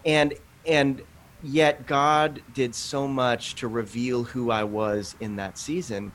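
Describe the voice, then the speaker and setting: Earnest man in his thirties, animated. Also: medium pitch, slow pace. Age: 30s. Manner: earnest, animated storytelling with quoted asides. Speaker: podcast guest, author. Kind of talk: conversational interview.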